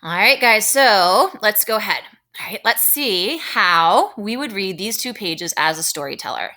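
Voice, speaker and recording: A woman teacher giving a recorded reading lesson for children, explaining slowly and checking in with tag questions. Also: mid-range voice, expressive, sharp tone. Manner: slow, deliberate explaining, frequent tag questions.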